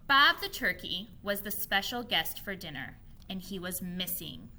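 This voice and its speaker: Bright-voiced woman teaching young readers. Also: fairly low pitch. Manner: expressive and patient, repeating key points slowly. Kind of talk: modeling a reading lesson for young children. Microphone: her own camera.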